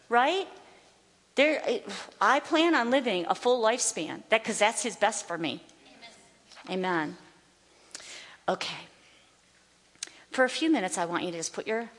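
A woman Bible teacher teaching from a stage, emphatic, slowing down to declare scripture. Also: mid-range voice, fairly bright tone. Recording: long hall reverb.

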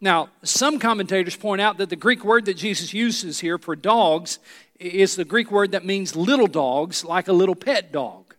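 A man's voice: high voice, moderate pace, fairly bright tone, big-room sound. A male pastor preaching a sermon in a church, earnest and emphatic, turning to the congregation with asides.

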